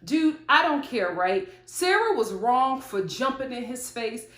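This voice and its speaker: A woman with a fairly high voice delivers opinionated reality TV commentary, colloquial and emphatic. She talks straight to the people on the show. Her voice carries a noticeable roomy echo. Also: expressive, unhurried, fairly bright tone. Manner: blunt, talks straight to the show's cast. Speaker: reality TV reviewer. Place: home filming setup with studio lights.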